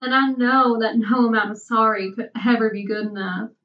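A woman's voice: a little high, level tone, normal speed, close to an everyday voice. Woman reading as a remorseful young woman. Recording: distant, dull lo-fi mic.

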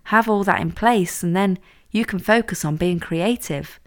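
A woman voices a scheming young woman who coaches her friend with firm, teasing confidence. The voice sits fairly low and sounds self-assured, never hesitant. It comes from a read-aloud story. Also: normal speed, natural voice. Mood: bossy.

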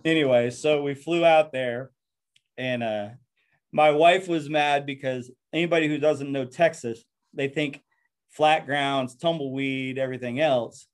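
A man's voice: mid-range voice, steady tone, a little slow. A man who is a pastor, telling his life story in an earnest, reflective interview and often repeating words as he goes.

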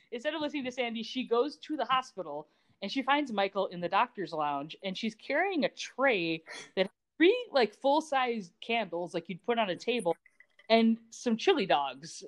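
Woman podcast co-host, slightly higher voice, animated and sarcastic, laughs a lot. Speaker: podcast co-host recapping a TV show. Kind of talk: casual chat.

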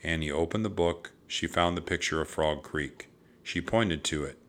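A man narrating a children's storybook aloud in a steady, even storytelling voice. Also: rumbling low, moderate pace.

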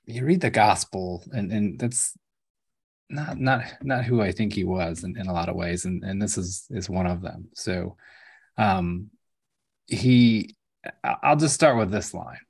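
Man, low husky voice, hesitant, reflective, faith chat. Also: unhurried. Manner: hesitant, repeats words, reflective. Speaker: podcast co-host. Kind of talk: casual faith discussion.

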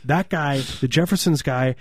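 A man's voice: on the high side, normal speed, no room sound, clean studio sound. A man co-hosting a podcast, rambling through jokes and tall stories in casual banter. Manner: rambling, jokey, deadpan exaggeration. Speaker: podcast co-host.

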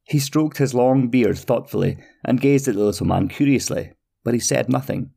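A man hosting a podcast and narrating a fairy tale in a slow, measured storytelling manner. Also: medium pitch, gravelly, dark tone, breathy edge.

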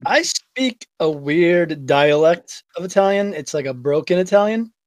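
A man's voice: a little high, expressive, a little slow, dry recording. A man with a Boston accent from Revere, co-hosting a casual podcast chat and telling stories with some swearing. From Revere, Massachusetts. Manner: swears freely, tells stories. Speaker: podcast co-host.

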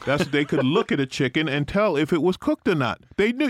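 A man's voice: on the high side, brisk, few pauses, no echo, clean studio sound. A man co-hosting a talk show, riffing with teasing, comic opinions and exaggerated storytelling. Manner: animated, teasing, comic storyteller who riffs and mocks. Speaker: radio show co-host.

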